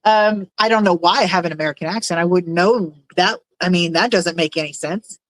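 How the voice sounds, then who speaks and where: A woman with a lowish voice talks briskly on her casual livestream, reading out viewer messages and rambling while she often searches for words. There's no room sound, but the recording is rough.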